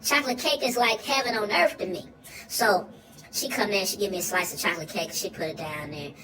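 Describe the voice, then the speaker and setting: A woman's voice: mid-range voice, brisk, very noisy, lightly acted. A woman doing goofy Lil T, rambling and far off. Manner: rambling storytelling with slang and squealing excited outbursts. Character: young boy Lil T, goofy, food-loving, sentimental. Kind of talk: comic character monologue.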